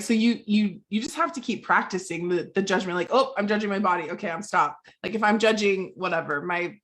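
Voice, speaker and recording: A woman co-hosting a casual chat, warmly agreeing and sharing her own experience. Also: medium pitch. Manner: warmly agreeing, quick laughs. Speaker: co-host.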